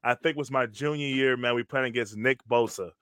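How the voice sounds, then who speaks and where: A man hosting a casual sports talk show who tells animated stories in slangy speech and keeps saying "bro". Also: medium pitch, fairly quick, clean tone, no echo, studio quality. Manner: animated storytelling, slangy, says "bro" constantly. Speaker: podcast host, former college lineman. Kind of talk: casual chat.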